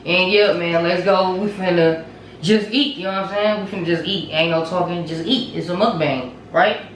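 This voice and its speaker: A woman's voice: fairly low pitch, steady tone, moderate pace, a little hiss or hum. A young woman chatting casually in loose slang while eating on camera, in an echoey room away from the mic. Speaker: mukbang vlogger.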